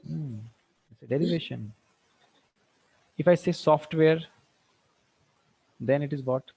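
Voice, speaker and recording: A man teaching an online tutorial, firing quick questions at students and slipping into Hindi. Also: on the high side, creaky, warm tone, slightly rough. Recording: dull lo-fi dry sound.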